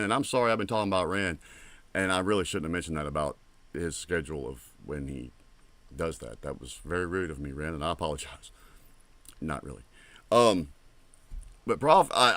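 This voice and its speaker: A man's voice: deep voice, a bit bright, no room sound. A man hosting a music reaction show, talking casually and rambling with frequent swearing as he comments on a track.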